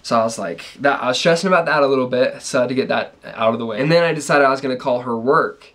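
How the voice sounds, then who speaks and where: A man's voice: mid-range voice, fast talker, a bit bright. Brief: young man, easygoing rambling storyteller, mid-range voice, casual vlog chat. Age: young adult. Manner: laid-back, rambling, lots of ums. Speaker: vlogger's fiancé.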